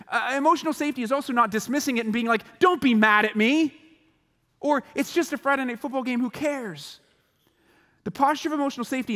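A man giving a motivational chapel talk to students, animated and acting out the voices of the people in his stories. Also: very high-pitched, in a large hall. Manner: animated, acts out quoted voices. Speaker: chapel speaker. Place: large school chapel hall.

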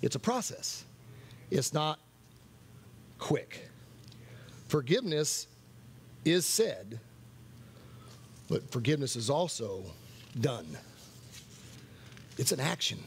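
A man's voice: fairly high pitch, big pitch swings, slow pace, long pauses, a little hiss or hum. A man preaching at a worship night, earnest, repeating key phrases for emphasis. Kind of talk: sermon.

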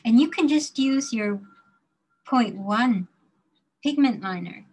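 A woman leads a drawing demonstration for her class, talking slowly and deliberately as she works. Her voice sits a little high, and she sometimes drops to a murmur to herself while she draws. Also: animated, darkish tone, breathy edge, low-quality recording. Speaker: design drawing instructor.

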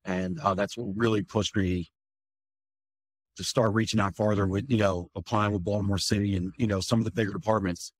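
A firefighter, telling a candid, rambling personal story in an interview, full of fillers and swearing. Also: male voice, on the low side, steady tone, fairly quick, slightly rough, no echo.

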